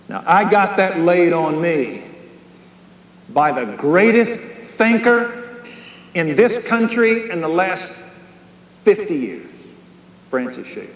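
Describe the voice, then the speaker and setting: A man teaching a Bible study as a sermon, impassioned, swinging from hushed tones to raised, emphatic lines. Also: high-pitched, big pitch swings, slow, long pauses. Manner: leads a closing prayer. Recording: echoey hall, faint hum, 1990s.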